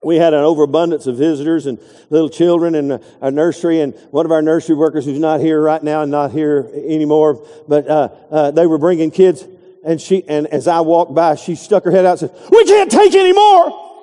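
A man's voice: fairly high pitch, fairly even intonation, a little fast, warm tone, in a large hall. A middle-aged man preaching a folksy, digressive sermon, acting out quotes along the way. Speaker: pastor.

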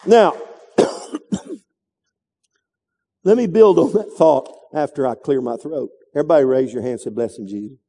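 A man's voice: on the high side, sing-song, normal speed, gravelly, pauses often, mellow, husky, big-room sound. A male pastor preaching a sermon, emphatic and calling out to the congregation.

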